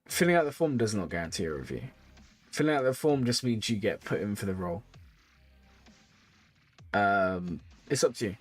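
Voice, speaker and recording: Over faint music, this live streamer talks through viewers' game accounts at a moderate pace broken by long pauses. He's tired and yawning, yet his chatty, rambling advice keeps a lively pitch and circles back to the same phrases.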